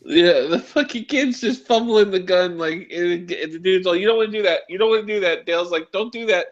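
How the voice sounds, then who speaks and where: A man's voice: high-pitched, brisk. A man co-hosting a casual movie review show, laughing often and swearing freely as he recounts scenes. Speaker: podcast co-host. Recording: dull lo-fi sound.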